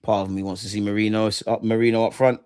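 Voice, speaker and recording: A young man hosting a live football watch-along, reacting excitedly, swearing at the referee and telling the players to calm down. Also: on the low side, quick pace, clear, resonant tone. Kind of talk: live match reaction commentary.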